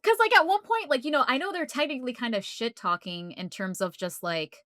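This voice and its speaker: A woman's voice: high voice, lively intonation, a little fast, bright, forceful tone, dry recording. A woman co-hosting a podcast in casual chat, rambling with lots of fillers and frequent laughter. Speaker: podcast co-host.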